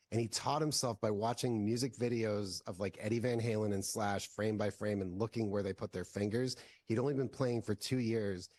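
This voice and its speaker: A filmmaker guest in a casual interview, telling long stories with lots of "like" fillers. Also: male voice, fairly low pitch, a little mellow, dry recording. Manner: rambling, heavy use of "like" fillers.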